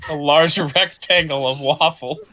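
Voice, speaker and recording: A man narrating a tabletop role-playing game as game master, in a playful, relaxed storytelling manner. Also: on the high side, measured pace, slight background noise.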